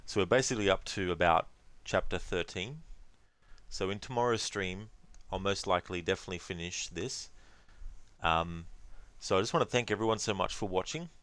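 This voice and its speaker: A man's voice: low voice, normal speed, a bit bright, clean tone, dry recording. A man streaming a game, joking around and chatting with his viewers. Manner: joking, chatty, reads chat aloud. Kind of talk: casual stream commentary.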